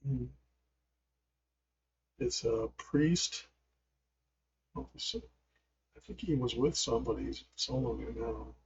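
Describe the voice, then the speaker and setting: A man's voice: mid-range voice, slow pace, vocal fry, pauses often, dull audio, a little hiss or hum. A man hosting a gaming channel, giving casual gameplay commentary in a rambling way, often trailing off and chuckling.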